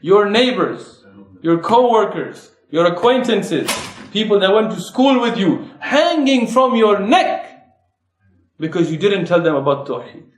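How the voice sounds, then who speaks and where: A man delivers a fervent sermon, pressing his listeners with one rhetorical question after another. His voice sits high for a man. The sound rings around a roomy mosque prayer hall. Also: big pitch swings, a little slow. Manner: impassioned, rhetorical questions, rising emphasis. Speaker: preacher.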